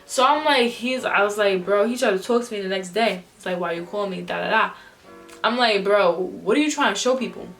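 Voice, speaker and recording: A woman's voice: mid-range voice, a little fast, faint music behind. A young woman vlogger telling a storytime in casual slang, acting out the people she quotes. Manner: animated, slangy, acts out quotes in different voices. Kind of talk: storytime vlog.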